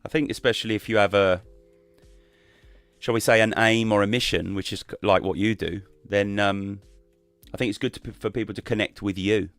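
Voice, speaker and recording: Guy on a stream call, low gravelly voice, dry sound, rambly and relaxed. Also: moderate pace, no echo, faint music behind. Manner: relaxed, rambling, many fillers and restarts. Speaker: stream guest. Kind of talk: casual chat on a live stream.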